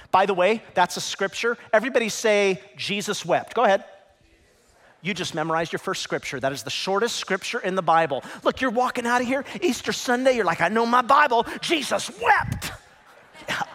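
A middle-aged man preaches with a high, animated voice that jumps around in pitch. He drops to a hush and then climbs to near shouts. The sound carries the long reverb of a large church hall. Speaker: pastor. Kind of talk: sermon.

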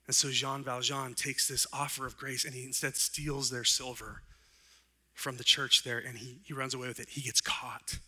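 Man, pastor, sermon, very bright tone, earnest, rises and falls, slow emphatic phrases. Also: mid-range voice, level tone, slightly rough. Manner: earnest preaching, voice swelling up then dropping soft, with slow emphatic phrases.

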